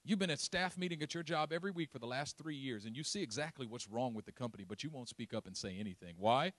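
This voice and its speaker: Animated, bright-voiced male preacher. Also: medium pitch, fast talker, dry recording. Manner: humorous, animated storytelling with laughs. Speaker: pastor. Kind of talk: sermon.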